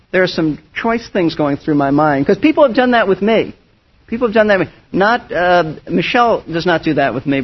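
Pastor, male, high and husky voice, earnest emphatic sermon delivery, dull lo-fi recording. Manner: earnest and emphatic, with frequent restarts. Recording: dull lo-fi sound.

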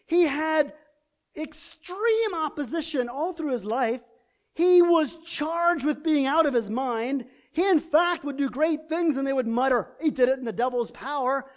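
A man's voice: extremely high pitch, lively intonation, measured pace. A man preaching a sermon in an impassioned way, building through repeated rhetorical questions.

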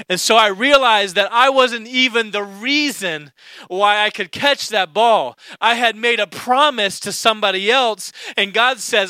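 A man's voice: high-pitched, measured pace, sharp tone, clear, resonant tone, no echo. A middle-aged man preaching a sermon, telling a story with animation and acting out the voices of people in it. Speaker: pastor.

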